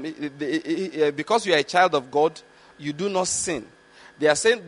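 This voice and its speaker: A man preaching a Bible teaching sermon, reading scripture slowly and deliberately and often checking that his listeners follow. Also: fairly high pitch, a bit bright. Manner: checks in with listeners with repeated questions.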